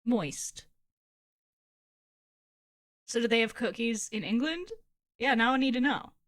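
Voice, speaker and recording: Giggly Ohio woman streamer, slightly high. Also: expressive, slow, a bit bright. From Ohio, USA. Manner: giggly, chatty, swears casually. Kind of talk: casual live-stream chat while gaming.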